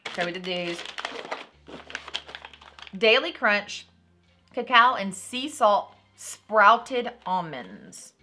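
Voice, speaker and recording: Bright chatty woman doing a snack unboxing, upbeat, reads the labels out. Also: medium pitch, lively intonation, drawn-out words, long pauses. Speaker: vlogger host. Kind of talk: casual snack unboxing chat.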